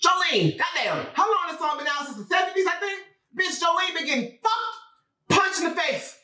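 A man giving loud, sassy, profane reaction commentary on music. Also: very high voice, lively intonation, moderate pace, recorded from a distance. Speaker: pop culture commentator. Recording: echoey room, off-mic, faint music.

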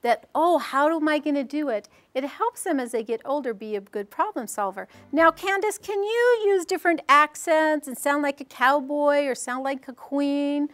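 A woman's voice: sits high, expressive, moderate pace, few pauses, fairly bright tone, soft background music. A woman presenting a storytelling workshop for educators, explaining in a friendly, encouraging way.

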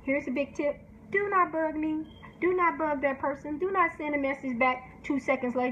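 A woman who is a book promotion specialist giving candid, animated advice in a casual talk, often laughing and briefly mimicking other people's voices. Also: sits high, moderate pace. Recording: slightly dull sound with faint background noise.

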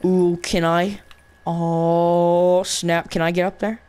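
A man's voice: high-pitched, level tone, takes it slowly, a little mellow, clean tone. A man giving goofy, joking commentary over gameplay, making sound effects. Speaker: gamer commentator.

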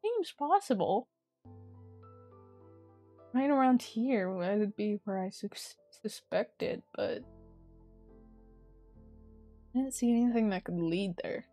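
A woman streaming a game, chatting casually and swearing at it in sudden loud bursts. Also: medium pitch, animated, slow, faint music behind. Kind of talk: casual gaming commentary.

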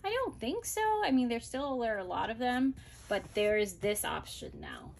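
A woman's voice: fairly high pitch, moderate pace, creaky, a little hiss or hum. Gushing woman showing off planners. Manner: gushing, excitable, thinks aloud. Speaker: planner vlogger. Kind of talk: casual product haul chat.

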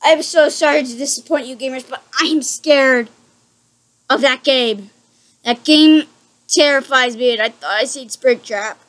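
A frightened woman with a high, light voice talks through a horror game in a room at home. She is jumpy and easily spooked, and keeps apologizing to her viewers. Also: measured pace, fairly bright tone. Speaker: gaming channel host.

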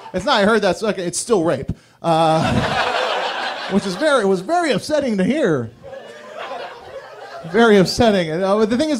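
High-voiced man doing crude stand-up. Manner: crude, rambling, self-mocking storytelling. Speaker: stand-up comedian. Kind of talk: stand-up routine. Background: audience laughter.

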